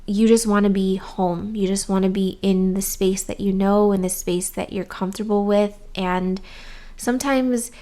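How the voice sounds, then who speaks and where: A woman's voice: medium pitch, steady tone, normal speed, warm tone. Chatty young woman vlogging. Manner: candid and chatty, with many "um" and "like". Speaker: YouTuber. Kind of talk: casual chat to camera.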